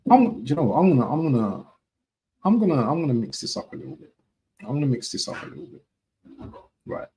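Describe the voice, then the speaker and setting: A man chatting on a live stream at an everyday mid pitch. He rambles and restarts, checks in with his viewers with "yeah?", and keeps the tone loose and unscripted. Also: sing-song, fast talker, mellow, slight background noise, poor audio. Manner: chatty, repeats himself, keeps asking "yeah?". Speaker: football fan streamer. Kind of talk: casual live-stream chat.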